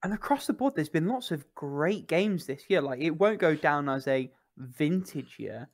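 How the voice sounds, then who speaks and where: A male podcast co-host chatting casually with friends. He speaks in a measured, even way at a middle pitch and drops in wry asides. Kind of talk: casual chat.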